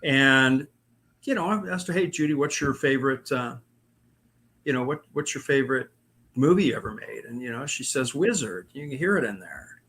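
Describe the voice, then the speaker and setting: A man's voice: mid-range voice, animated, normal speed, a bit bright, breathy edge. Guy chatting about ghost encounters, lots of ums and restarts, rambly. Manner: rambling, many fillers and restarts. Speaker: paranormal investigator guest. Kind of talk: casual storytelling.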